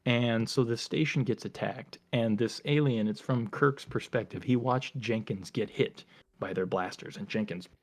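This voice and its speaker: A male podcast co-host casually retelling a story in animated chat, with frequent filler words. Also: medium pitch, normal speed.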